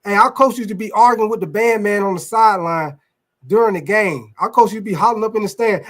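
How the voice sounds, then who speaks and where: A man's voice: high voice, fast talker, fairly bright tone. Guy hosting a sports stream, loose rambling talk, swears a lot, keeps talking to the chat. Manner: loose, rambling, profane, addresses viewers as y'all. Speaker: sports show host. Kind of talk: casual live sports talk, reacting to chat.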